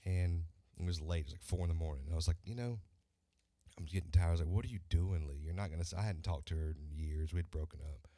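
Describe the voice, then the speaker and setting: Deep, low-pitched male country singer, lively storyteller, close dry studio sound. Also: fast talker, hardly any pauses, no room sound. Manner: animated storyteller acting out quoted voices. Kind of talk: casual interview storytelling.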